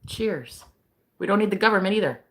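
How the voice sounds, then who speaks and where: A woman's voice: medium pitch, lively intonation, fairly quick. A young woman hosting a casual livestream as a psychic reader. She chats with viewers, laughs often and swears casually.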